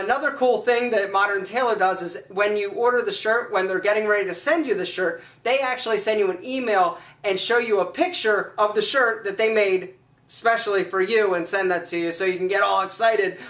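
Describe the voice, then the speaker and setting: A man's voice: sits high, fairly even intonation, normal speed, fairly bright tone, reverberant, recorded from a distance. A man telling a playful, theatrical story and presenting his own video, with big swings in his voice. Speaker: style vlogger. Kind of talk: playful comedic vlog pitch.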